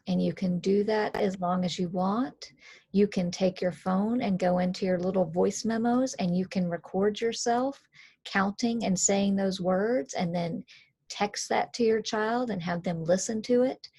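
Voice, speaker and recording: Calm, earnest woman coach with a low, husky, fry-edged voice. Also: unhurried. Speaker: coach and author. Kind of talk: conversational explainer.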